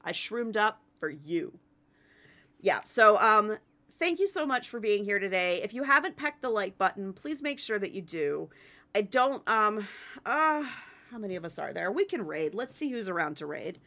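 A bubbly woman in her thirties chats casually as a game streamer wraps up her live stream. Her voice is bright and a little tense at a middle pitch, and her talk is loose, with plenty of fillers. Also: sing-song, normal speed. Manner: bubbly and chatty, with many fillers.

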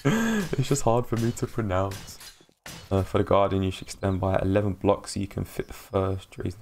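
A man's voice: sits low, normal speed, darkish tone. An English man hosting a casual live game stream, rambling, laughing often and greeting viewers in chat by name. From England. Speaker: livestream host.

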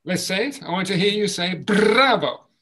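A man leading a group voice exercise session over a video call, encouraging and demonstrating sounds with loud bursts. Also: high voice, expressive, moderate pace, slightly rough, poor audio. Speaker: voice and movement workshop leader.

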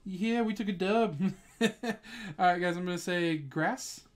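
Guy opening card packs at home, chatty and hyped, keeps saying guys, gets squeaky loud on good pulls. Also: measured pace. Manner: excitable, breaks into high-pitched shouts over good pulls; keeps addressing viewers as "guys". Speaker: card-pack opening channel host. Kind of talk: casual pack-opening vlog. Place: at home with a dog in the room.

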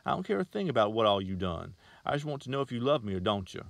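A man's voice: fairly low pitch, very animated, fast, gravelly, no echo, voice pushed up. A man voicing a young country boy who speaks in rural dialect, insistent and pleading, reading a short story aloud. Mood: pushy.

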